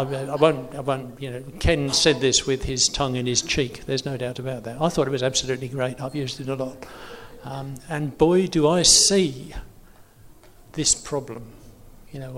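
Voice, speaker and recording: A man's voice: medium pitch, a little hiss or hum. A man preaching in an informal teaching talk, chatty and self-correcting with many fillers. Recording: long hall reverb.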